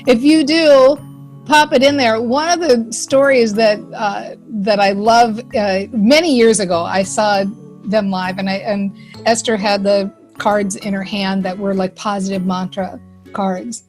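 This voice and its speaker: A woman giving an upbeat, chatty self-help presentation to a live online audience, full of "like" and quick asides. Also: medium pitch, fairly even intonation, darkish tone, faint music behind. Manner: upbeat, chatty, lots of fillers and likes.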